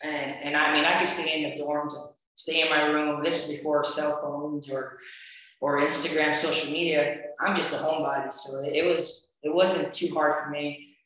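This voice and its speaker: A man's voice: a little high, normal speed. Man in a very echoey room. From United States. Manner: relaxed, rambling, frequent fillers and restarts. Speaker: wrestling coach and podcast guest. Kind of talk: casual interview storytelling.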